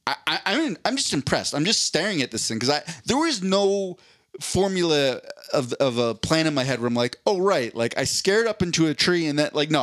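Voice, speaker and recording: Man, podcast co-host, swearing storyteller, lively swooping pitch, dry close mic. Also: dry recording. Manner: profane, animated, acts out voices in his story. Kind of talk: casual storytelling chat.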